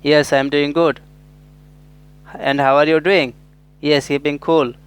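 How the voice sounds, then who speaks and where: A man's voice: a little high, little pitch movement, a little slow, smooth, lightly acted. A man voicing his own thumb as a drowsy talking finger that wants to sleep in. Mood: sleepy. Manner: drowsy, asks not to be disturbed.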